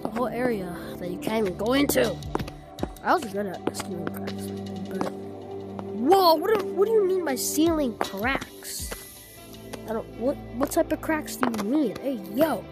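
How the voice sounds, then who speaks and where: With loud music in the background, a woman who developed the game narrates a relaxed playthrough in a high, sing-song voice at a measured pace. She muses aloud, lets sentences fade before beginning again, and frequently lowers her voice to a murmur.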